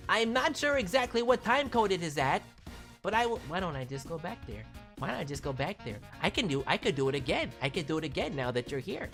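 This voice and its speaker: A woman's voice: medium pitch, sing-song, normal speed, a bit bright, faint music behind. A woman streamer chatting casually and playfully with her viewers, teasing and joking as she talks. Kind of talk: casual live-stream chat.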